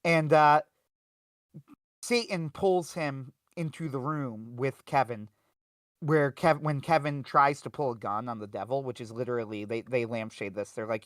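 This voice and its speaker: A man's voice: medium pitch, a little slow, no echo, clean studio sound. A man co-hosting a livestream, talking casually about a film with lots of fillers and restarts. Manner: animated retelling with frequent fillers and restarts. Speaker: podcast co-host.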